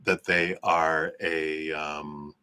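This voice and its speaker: A man's voice: very deep voice, level tone, extremely slow, bright, forceful tone, clear, resonant tone, dry recording. Tense-toned man chatting through a live tarot reading. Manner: chatty, laughs often between remarks. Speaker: tarot reader hosting a live stream.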